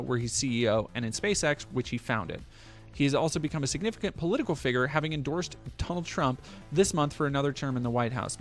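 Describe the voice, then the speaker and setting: Casting Male streamer, mid-pitched, reads news aloud and cuts in with sarcastic, sweary asides. Faint music underneath. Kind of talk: casual commentary on a news article.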